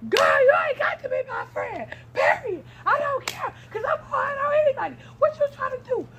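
A woman playing a hot-tempered teen girl who picks fights, loud and confrontational and repeating her taunts. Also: extremely high pitch, animated, normal speed, muffled recording, heavy background noise, voice pushed up. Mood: defiant.

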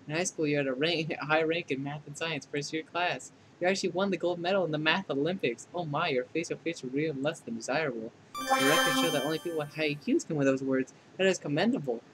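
A man's voice: fast talker, noisy background, natural voice. A man voicing a smug female AI program. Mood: taunting. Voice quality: mocking, clinical put-downs. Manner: deadpan scolding that tips into shrill outbursts. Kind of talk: fan dub of a dating game.

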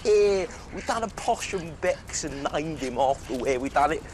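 A man's voice: fairly high pitch, expressive, normal speed, close to an everyday voice. An actor playing a brash young lad and new dad in a comedy sketch, bragging and laughing at his own jokes. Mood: boastful. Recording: noisy sketch show audio.

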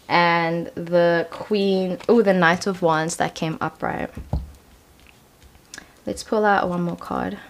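Young woman doing a tarot reading, lowish voice, chatty and reassuring, lots of um and you know. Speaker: tarot card reader. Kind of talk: casual pick-a-card tarot reading.

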